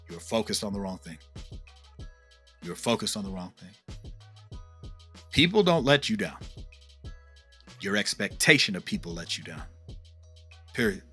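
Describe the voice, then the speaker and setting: Bright, slangy male minister. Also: fairly low pitch. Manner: conversational and slangy, keeps asking "right?"; tells stories with emphatic repetition. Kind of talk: casual devotional teaching.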